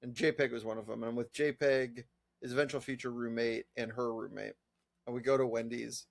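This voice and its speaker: A man's voice: medium pitch, little pitch movement, fairly quick, vocal fry. A young man co-hosting a podcast, telling stories, giggling often and acting out voices. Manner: giggly, breaks into laughter, acts out voices in stories. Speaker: podcast co-host. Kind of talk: casual chat and storytelling.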